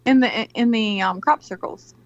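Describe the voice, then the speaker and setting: A woman's voice: a little high, normal speed, dry recording, highs cut off. A woman guest on a livestream who talks casually, interrupts often and swears. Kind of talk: livestream conversation.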